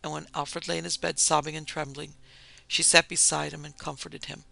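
A man narrating a period memoir tale as a storybook reading, measured and even. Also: fairly high pitch, creaky. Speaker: narrator and producer.

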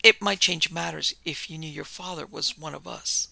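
A man's voice: fairly high pitch, normal speed, vocal fry, pushed and bright, no room sound, exaggerated voice, poor audio. A man reading the part of a rancorous surgeon in a sinister order, speaking in a curt, menacing way.

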